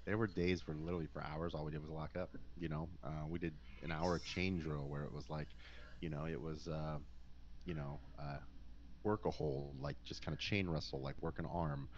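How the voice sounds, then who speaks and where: Podcast guest, man, very low voice, animated storyteller, lo-fi sound with faint noise. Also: moderate pace. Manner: animated, swearing, acts out quotes. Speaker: podcast guest, former pro wrestler. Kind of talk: casual storytelling.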